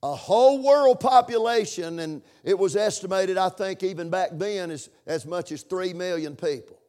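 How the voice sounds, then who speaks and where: A man preaching in church with a somewhat high voice. He builds to loud, emphatic lines, then drops to quiet asides to the congregation. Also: steady tone, normal speed. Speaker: pastor. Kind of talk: sermon.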